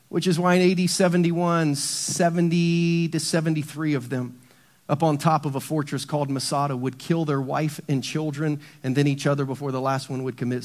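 A middle-aged man preaching a sermon in a church, swinging between hushed low emphasis and loud bursts. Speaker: pastor.

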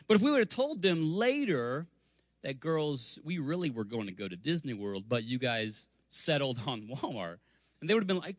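Male preacher in his 40s, raised voice, dry close sound; animated storyteller who slips into character voices. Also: on the high side, moderate pace, no room sound. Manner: animated, acts out family voices, stumbles over words. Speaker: guest preacher. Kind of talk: storytelling sermon. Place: church sanctuary.

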